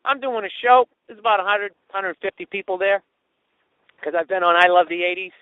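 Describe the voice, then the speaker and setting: A man hosting a comedy podcast, telling a story in a profane, animated way and mimicking the people in it. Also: high-pitched, a little fast, smooth, no room sound, phone-quality sound. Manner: profane, animated, does mocking voices of others. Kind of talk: storytelling monologue.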